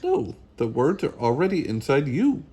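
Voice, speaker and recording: A man's voice: on the high side, huge pitch swings, moderate pace, mellow, slightly rough, heavily acted. A man doing a grumpy, fussy camper. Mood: patient. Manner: exasperated, huffy exclamations. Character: fussy grumpy male camper who loves quiet.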